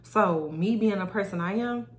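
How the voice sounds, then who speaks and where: A young adult woman hosts her own solo podcast, speaking candidly and motivationally to her viewers in a casual, direct way. Her voice is mid-range and her speed normal.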